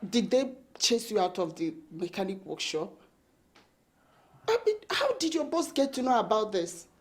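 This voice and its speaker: An actress playing a worried sister with a Nigerian English accent, pleading urgently and soothing in hushed tones. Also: female voice, mid-range voice, big pitch swings, normal speed, close to an everyday voice.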